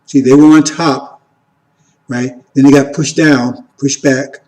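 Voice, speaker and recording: A man giving an informal teaching sermon, repeating "See?" and "right?", moving between loud emphatic lines and quiet asides. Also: mid-range voice, fairly even intonation, unhurried, rough recording. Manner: repetitive, keeps asking "See?" and "right?". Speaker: religious teacher.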